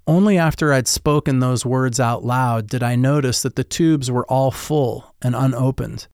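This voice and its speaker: A man's voice: medium pitch, moderate pace, hardly any pauses, a little mellow, clean tone, no room sound, studio quality. A man giving scripted first-person narration of a story in a reflective, wry manner.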